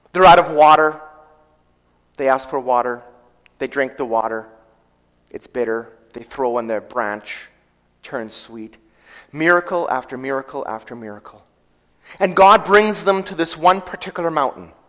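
A man preaching a sermon, retelling scripture in a storytelling way, slowing down for quoted verses and letting his volume rise and fall. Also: on the high side, a bit bright. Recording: long hall reverb.

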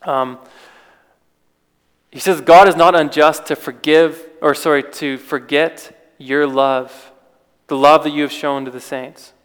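A man delivers a relaxed, conversational sermon in a fairly high voice, often restarting his sentences and asking rhetorical questions. His voice rings out with a long reverb, as in a large hall. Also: a little slow, clear, resonant tone. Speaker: preacher. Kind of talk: informal sermon.

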